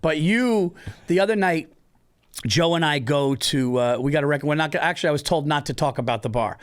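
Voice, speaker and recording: A man hosting a comedy podcast, telling stories with lively acted-out quotes. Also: a little high, fairly quick. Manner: animated storytelling, acts out quotes. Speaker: podcast host. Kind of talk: casual comedy podcast chat.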